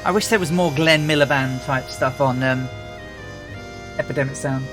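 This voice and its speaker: A man's voice: mid-range voice, moderate pace, music in the background. A man from England, chatting casually as a livestream host, rambling with lots of fillers and restarts. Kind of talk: casual chat.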